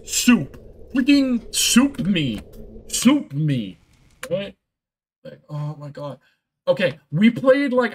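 A man's voice: a little high, a little hiss or hum. A young man giving rambling, exasperated live commentary while he streams a game and talks to his chat.

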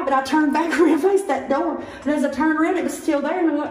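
A woman with a Southern US accent telling her ghost encounter in a rambling, animated way, often laughing, as she guides a tour of an old hospital. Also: sits high, fast, few pauses, recorded from a distance. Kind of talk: casual storytelling. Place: large old hospital building, indoors. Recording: echoey hallway, away from mic, faint noise.

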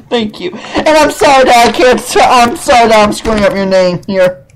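A man from Wisconsin hosting a casual live internet radio show, excitable and stumbling over guests' names. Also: very high-pitched, measured pace, slight background noise, poor audio. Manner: addresses audience as ladies and gentlemen.

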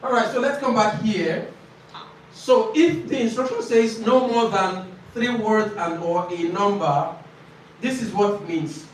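A man with a fairly high voice teaches a class, explaining slowly, repeating key phrases and quizzing his students. He is recorded from a distance in a very echoey classroom. Faint background noise sits under his voice. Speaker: IELTS tutor.

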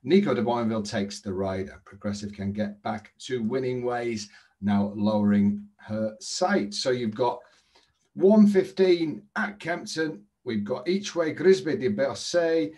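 A man hosting a daily horse racing tips update from an indoor trading room, brisk and salesy, chatty between tips. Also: mid-range voice, expressive, dark tone.

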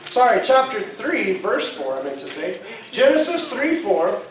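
A man's voice: high-pitched, very animated, measured pace, a little hiss or hum. A man preaching a sermon as pastor, talking conversationally and asking the congregation questions. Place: church sanctuary. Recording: echoey church hall, mic at a distance.

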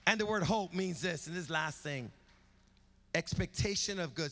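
Male pastor, high bright voice, rhythmic emphatic preaching, reverberant church hall. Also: lively intonation, normal speed. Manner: rhythmic preaching with rising emphatic build-ups. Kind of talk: sermon. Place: church sanctuary.

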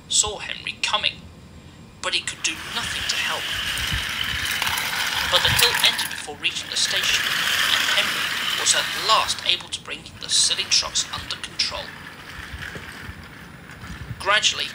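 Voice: medium pitch, background noise. A narrator reading a children's train story aloud and doing every character's voice. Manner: reads every part himself, lively changes of voice.

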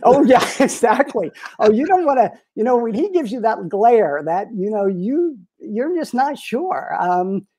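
A man in his sixties, a retired publicist and interview guest, telling lively anecdotes with frequent chuckles. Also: very high voice, a little slow, few pauses, slightly rough. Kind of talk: storytelling in a casual interview.

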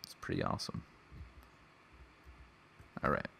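A man's voice: a little slow, fairly bright tone. A man giving casual let's play commentary, chatting to the animals in his game with mock-angry outbursts. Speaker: gamer.

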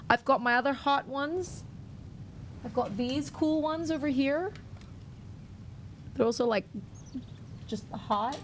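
Playful woman streamer chatting w her viewers, kinda high voice, quiet game music under it. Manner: chatty, reacts to chat, playful.

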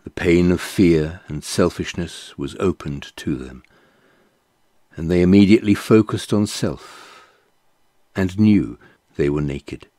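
A man giving a slow, measured scripted reading of a Bible passage. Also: deep voice, mellow, dry recording, studio quality. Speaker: scripture reader.

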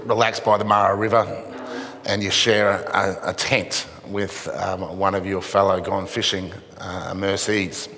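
A middle-aged man, a charity chief, telling stories in a keynote speech, halting and self-mocking. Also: lowish voice, pushed and bright. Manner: halting storytelling with dry self-mocking humor. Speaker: charity CEO, event speaker. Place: event venue with an audience. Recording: echoey event hall reverb.

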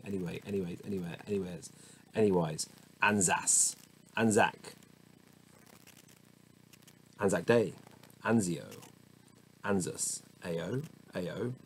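A man reads dictionary entries aloud in a casual word-by-word way, stumbling over pronunciations and muttering to himself. His deep, darkish voice moves at normal speed with long pauses, in a rough recording with faint background noise.

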